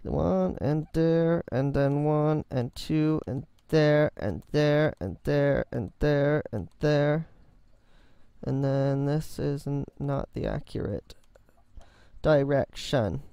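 A man's voice: a little high, slow, gravelly, warm tone, smooth, dry recording. A man giving rambling, self-mocking, jokey commentary while building in a game. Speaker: game video host. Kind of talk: casual gameplay commentary.

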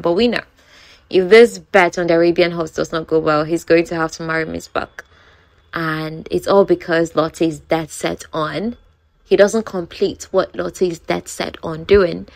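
A woman casually retelling a romance novel in her own words, chatty and full of asides to the listener. Her voice sits low, and the recording is close and dry. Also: gravelly, dry recording. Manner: chatty, asides like "you know". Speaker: book storyteller.

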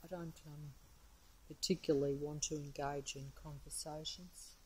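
A woman's voice: low voice, steady tone, normal speed, rough recording. An Australian woman narrating a casual phone video outside on a windy, rainy street, talking in a hesitant, rambling, wary way. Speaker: vlogger. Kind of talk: casual filmed commentary. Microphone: mobile phone camera.

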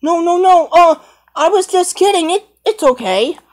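A woman's voice: very high voice, expressive, moderate pace, a little mellow, voice pushed up. A woman voicing a brave, brooding young male lion in an amateur fan role-play, rambling and hesitant. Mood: soothing.

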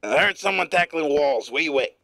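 A male streamer giving live gameplay commentary in a put-on gruff newsman voice, profane and playful. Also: on the high side, expressive, brisk, fairly bright tone, no echo, clean studio sound.

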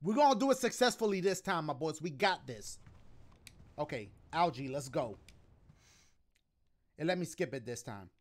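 A man giving casual let's-play commentary over a game, slangy and animated, with sudden loud exclamations. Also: a little high, normal speed, pauses often. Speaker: gaming commentator. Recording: game music playing underneath.

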